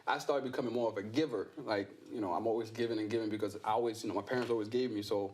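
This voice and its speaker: A man's voice: lowish voice, steady tone, rapid-fire, darkish tone. A man being interviewed as a comedy guest, talking in a playful, joking way with lots of fillers. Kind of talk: casual interview chat.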